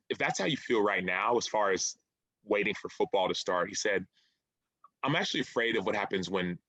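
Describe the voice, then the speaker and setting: Man, 30s, earnest storyteller with a bright, forceful tone and slightly low pitch, dry close sound. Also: dry recording, poor audio. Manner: earnest, reflective, repeats phrases. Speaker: author and former football player. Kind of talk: interview, storytelling.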